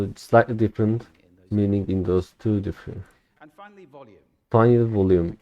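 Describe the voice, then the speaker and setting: A young man whose first language is Turkish, shadowing a recorded speech aloud in English, with careful, deliberate delivery and occasional slips. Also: lowish voice, fairly even intonation, dull audio. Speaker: language learner.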